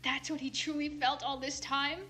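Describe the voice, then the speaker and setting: A woman's voice: high voice, flat delivery, normal speed, bright, forceful tone. A young woman doing a casual comedic fanfic reading. She rambles, swears and interrupts herself. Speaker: fanfic reader.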